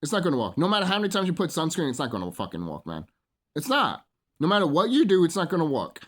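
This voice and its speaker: A man delivers a profane, rambling solo rant, stumbling through fillers as he preaches to his listeners. His voice sits somewhat high and swings widely in pitch as he works himself up. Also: huge pitch swings, quick pace. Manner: preachy, addresses listeners as brothers and sisters. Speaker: vlogger. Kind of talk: solo ranting monologue.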